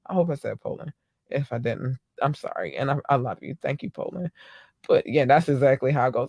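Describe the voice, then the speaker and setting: A woman's voice: a bass voice, animated, fairly quick, creaky, breathy edge, no room sound, clean studio sound. A woman hosting her own podcast in a casual solo chat, gushing thanks and love to her listeners with lots of ums and slang. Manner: effusive, gushing shout-outs to listeners; chatty with frequent ums and slang. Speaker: podcast host.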